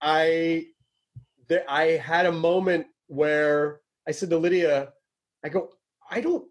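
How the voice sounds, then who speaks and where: A man from Tennessee with a Southern American accent, hosting a casual interview, excitable and swearing freely. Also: fairly high pitch, slow pace. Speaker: podcast host.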